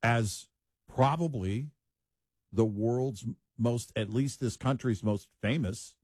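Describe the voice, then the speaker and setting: A man co-hosting a talk show, speaking in a measured, deliberate way. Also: medium pitch, a little mellow, slightly rough, dry recording. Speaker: co-host. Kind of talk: casual talk show commentary.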